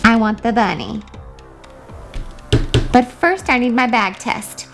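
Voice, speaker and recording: A woman's voice: on the high side, slow pace, vocal fry. A woman putting on a pushy customer in a homemade doll story. She speaks blunt and clipped, brushing past politeness, over faint background music. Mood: brusque.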